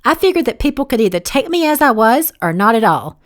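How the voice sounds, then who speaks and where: A woman voicing a spirited young Southern heroine, quick to irritation, with raised, emphatic questions. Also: fairly high pitch, very animated, voice pushed up. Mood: earnest.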